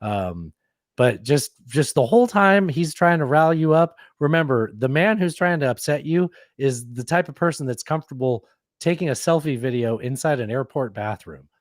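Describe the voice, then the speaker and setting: A man co-hosting a podcast, riffing on clips with sarcasm and a riled-up edge. He keeps restarting his sentences. His voice sits in a middle pitch and sounds close and dry, with no room around it. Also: expressive, normal speed, dry recording. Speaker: podcast co-host. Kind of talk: casual podcast commentary.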